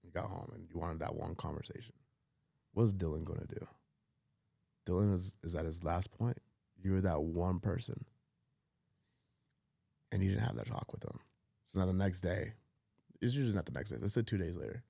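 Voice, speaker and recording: A man with a low voice and a heavy gravelly rasp talks in a loose podcast chat. His tone is dark and mellow, and he is close and dry on the mic. He speaks bluntly, swears freely and hammers his points home. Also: normal speed, long pauses, no room sound. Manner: blunt, profane and emphatic. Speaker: podcast guest. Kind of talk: casual podcast conversation.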